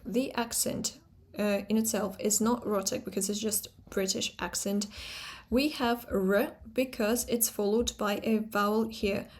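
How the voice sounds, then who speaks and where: A woman teaching a pronunciation lesson, thinking aloud with fillers and slowly repeating sounds to show them. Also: a little high, a little mellow. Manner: talks things through aloud, pausing on fillers and repeating sounds slowly to demonstrate. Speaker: phonetics teacher.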